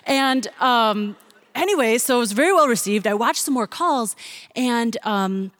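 A young woman telling a funny personal story to an audience, animated and laughing, mimicking excited voices. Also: on the high side, unhurried.

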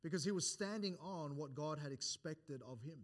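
This pastor's voice sits fairly high, and he delivers his church sermon at a moderate pace. Each point climbs in emphasis, he often restarts phrases and repeats words along the way, and his scripture quotations use archaic wording.

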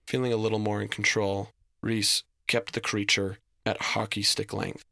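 A man narrating a story in a steady, descriptive reading. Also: on the low side, moderate pace, gravelly, dry recording, studio quality.

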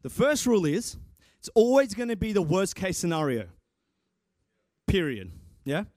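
A young man, who is both a preacher and a church guitarist, delivers a sermon in a voice that sits a little high for a man. He speaks at a moderate pace in an animated, excitable way, stumbling over restarts and climbing into shouts. The recording is close and dry, with no room sound.

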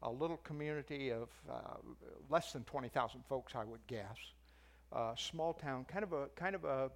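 A man's voice: mid-range voice, normal speed. An older man preaching and teaching, telling a story in a conversational way and raising his voice for the quoted lines. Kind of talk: sermon.

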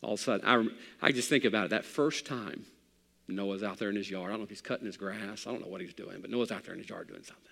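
A man preaching a sermon as pastor, swinging between loud passages and hushed ones. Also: on the low side, quick pace, creaky, in a large hall.

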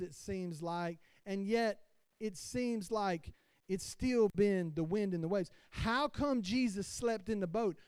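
A man's voice: sits high, a little mellow, clear, resonant tone, dry recording, clean studio sound. A male pastor preaching a sermon with passion, calling out questions to the congregation. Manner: impassioned preaching with call-and-response.

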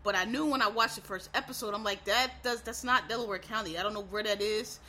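A woman's voice: mid-range voice, quick pace, pushed and bright. A woman from Philadelphia with a faint Philadelphia accent, chatting casually and rambling with frequent fillers and restarts. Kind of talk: casual chat.

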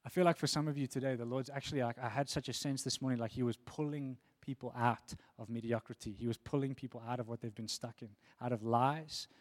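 A man's voice: mid-range voice, steady tone, fairly quick. A man preaching a sermon in an earnest way, often repeating words as he builds emphasis.

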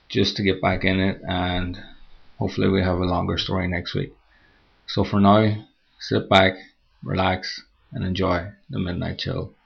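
A man hosting a podcast and reading a short story in a slow, measured way. His voice is very low, gravelly and husky. The recording is slightly dull. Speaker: podcast host and story narrator. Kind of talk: scripted story narration.

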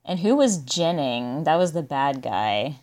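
Low-pitched woman, casual podcast co-host, dry and offhand. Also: big pitch swings, measured pace, darkish tone. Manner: dry, musing, trails off with "I guess". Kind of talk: casual movie discussion.

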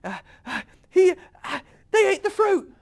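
A man putting on the voice of a panicked young heavenly son, shrill and frantic, in a comic podcast retelling. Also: very animated, unhurried, vocal fry, heavily acted. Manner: shrill, high-pitched and frantic. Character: panicked young male divine son, flustered and excuse-making.

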